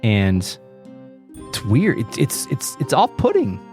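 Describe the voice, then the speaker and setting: A man co-hosting a relaxed podcast about a game, speaking in an easygoing, mid-pitched voice. He hesitates and repeats words while he works out his thoughts. Faint music plays quietly under him. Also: slow. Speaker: podcast co-host. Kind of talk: casual chat about a video game.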